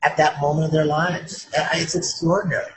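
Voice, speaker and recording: A man's voice: a little high, brisk, a little hiss or hum, poor audio. A man, an author being interviewed, telling stories with expression and often repeating his words. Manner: expressive storyteller, acts out quoted voices, repeats words. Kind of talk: animated storytelling in conversation.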